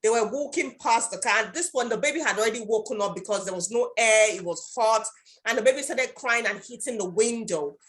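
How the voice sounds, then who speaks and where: A woman hosting a casual chat retells a story she came across online, acting out the voices of its characters. Her voice is a little high and a bit bright, and she talks slightly fast.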